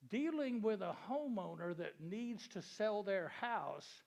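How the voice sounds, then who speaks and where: A man with a high, gravelly voice tells a seminar audience a joke, then turns it into a lesson. His manner is folksy and chatty, and he stops to ask the room questions. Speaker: real estate seminar speaker. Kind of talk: joke-telling seminar talk to a live audience.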